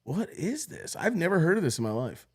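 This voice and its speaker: A man's voice: a little high, a little fast, breathy edge. A young man co-hosting a podcast, chatting casually with profane jokes. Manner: profane, joking, animated. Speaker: podcast co-host. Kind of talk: casual chat.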